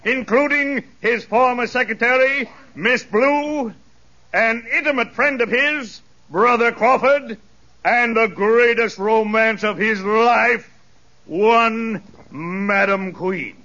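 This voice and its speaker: A man's voice: extremely high pitch, slow pace, sharp tone, full character voice. A man playing a pompous plaintiff's lawyer who orates grandly to the jury and questions witnesses, in 1940s radio comedy style. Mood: orating. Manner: grandiloquent, stretched-out courtroom oratory. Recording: muffled old radio broadcast.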